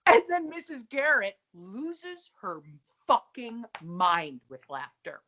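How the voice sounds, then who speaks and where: Female co-host, bright lively voice, sarcastic and profane. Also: a little high, takes it slowly. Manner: sardonic, swears, acts out quotes. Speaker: podcast co-host. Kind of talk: casual chat recapping a sitcom episode.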